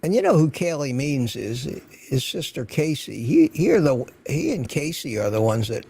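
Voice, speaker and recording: A man's voice: medium pitch, sing-song, normal speed, gravelly, dark tone, husky. An older man hosting a livestream, chatting casually and rambling as he greets viewers by name from his home studio. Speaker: livestream host.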